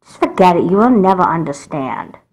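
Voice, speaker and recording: A woman's voice: on the low side, very animated, brisk, darkish tone. Woman voicing an angry teenage girl. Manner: sulky, raising her voice in anger. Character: teenage girl, upset and angry over twin. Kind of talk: doll movie voice acting.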